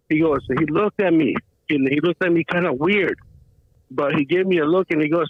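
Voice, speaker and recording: This caller phones into a show, his voice on the high side and fairly quick, with no echo on a tinny line. He rambles through a casual, slangy story and keeps saying "bro."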